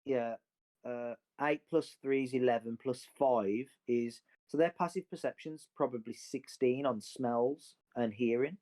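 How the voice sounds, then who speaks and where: A man's voice: mid-range voice, unhurried, warm tone. A man explaining tabletop game rules, hesitant and working through the numbers aloud. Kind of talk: casual tabletop play.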